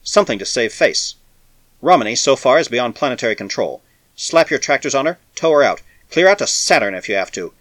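Man doing a weary spacer, harsh, forceful, lively pitch, dry sound. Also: a little fast, no echo. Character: weary battered adult male spacer, savage and stubborn.

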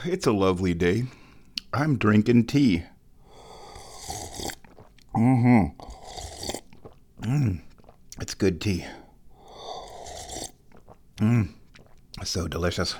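A man hosting his own show from home, rambling casually as he walks between rooms and talks to his cat in a high baby voice. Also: darkish tone, a little hiss or hum. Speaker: podcast host.

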